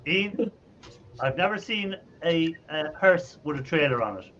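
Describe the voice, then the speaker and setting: Irish male host, teasing and quick to laugh; dull lo-fi call audio. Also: on the high side, expressive, fairly bright tone, slight background noise. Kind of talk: casual live chat.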